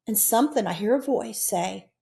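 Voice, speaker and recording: A woman's voice: expressive, normal speed, vocal fry. Earnest woman in her 60s telling her story. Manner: earnest, emotional storytelling with sudden high, loud bursts. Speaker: interview guest. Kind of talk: recounting personal near-death experiences.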